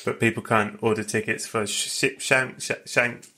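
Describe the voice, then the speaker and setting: A man hosting a podcast interview, quick and jokey, enthusiastic and casually swearing. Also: on the low side, flat delivery, pushed and bright. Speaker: podcast host.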